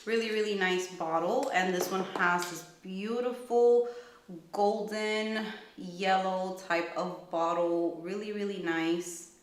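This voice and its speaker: Give me an enthusiastic woman reviewing fragrances, mid-pitched voice, in an echoey room. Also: steady tone, takes it slowly, slight background noise. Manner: enthusiastic, gushing, thinks aloud. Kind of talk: casual product review.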